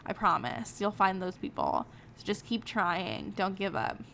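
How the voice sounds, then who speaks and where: A woman's voice: medium pitch, big pitch swings, measured pace, vocal fry, fairly bright tone, a little hiss or hum. A young woman streaming a story game live, reacting emotionally and swearing at times. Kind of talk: live game playthrough commentary.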